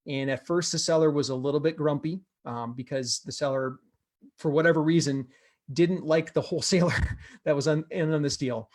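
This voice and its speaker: A man's voice: fairly high pitch, normal speed, a little mellow. A man hosting an investing group, telling a member's success story with energy and repeating words for emphasis. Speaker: host of a real estate investing group. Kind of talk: motivational storytelling to camera.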